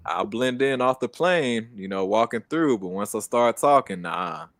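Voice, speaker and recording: A man's voice: mid-range voice, lively intonation, normal speed, gravelly, fairly bright tone, dry recording, clean studio sound. A young American man co-hosting a casual streamed chat, laid-back and slangy, laughing often. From United States. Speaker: co-host.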